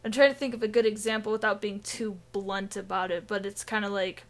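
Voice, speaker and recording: A woman's voice: mid-range voice, steady tone, brisk. A woman co-hosting a casual gaming podcast, rambling with restarts, laughter and swearing. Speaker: podcast co-host.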